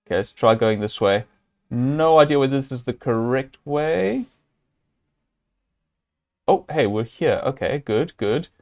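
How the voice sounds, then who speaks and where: This is live gameplay commentary from a man who thinks aloud as he plays, halting and loose, with frequent "um"s, fillers and restarts. At times he turns to his viewers or tells off the game's hero. He has a medium-pitched, expressive voice.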